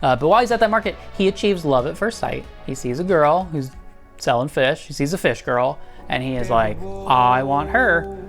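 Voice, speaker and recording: Low-voiced sarcastic woman reviewer. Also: lively intonation, brisk, faint music behind. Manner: sarcastic, profane, mocks characters in silly quoted voices. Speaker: video essay host. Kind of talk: comedic movie review.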